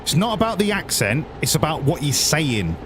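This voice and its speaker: A man's voice: fairly high pitch, sing-song, normal speed, noisy background. A man streaming a driving game, chatting in sarcastic, sweary banter as he plays. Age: adult, grew up before the 1980s. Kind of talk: live gameplay commentary.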